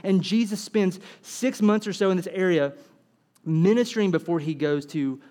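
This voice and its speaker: A man's voice: high-pitched, moderate pace. A man preaching a sermon, acting out dialogue and asking rhetorical questions. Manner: animated, acts out quoted dialogue, asks rhetorical questions.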